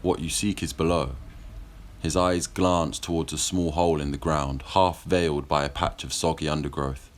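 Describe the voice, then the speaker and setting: A man reading a historical fiction audiobook in a measured, steady storytelling manner. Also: very deep voice. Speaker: audiobook narrator. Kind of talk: scripted narration.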